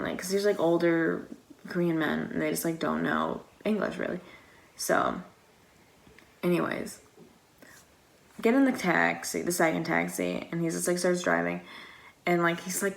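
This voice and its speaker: A vlogger, a young American woman with a fairly low voice and vocal fry, recounts a long story casually. She rambles and chats, uses "like" heavily, and acts out what people said to each other.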